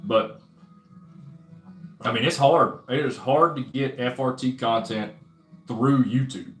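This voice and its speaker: A man's voice: mid-range voice, slow pace, a bit bright, soft background music. A young man hosting a casual livestream, rambling with lots of fillers and swearing while reading chat aloud. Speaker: livestream host. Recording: roomy echo.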